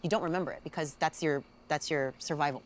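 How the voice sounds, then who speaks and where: A woman hosting a reality show reunion, measured and affirming toward the guests. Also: low voice. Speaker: reunion host. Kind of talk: moderating a reunion.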